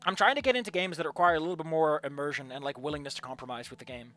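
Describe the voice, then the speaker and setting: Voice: mid-range voice, rapid-fire, a bit bright, faint music behind. A streamer giving casual gaming commentary, opinionated and ranting, often restarting mid-thought.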